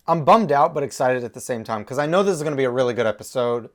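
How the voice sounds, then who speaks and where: Animated young man reacting to TV. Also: medium pitch, quick pace. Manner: emotional, exclaiming, talks to viewers. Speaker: reaction video host. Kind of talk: casual reaction commentary.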